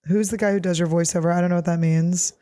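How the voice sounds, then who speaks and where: A woman's voice: lowish voice, steady tone, fast talker, warm tone. A woman comedian hosting her show in a casual solo chat, reading fan questions aloud and answering them in a blunt, profane, jokey way, often laughing.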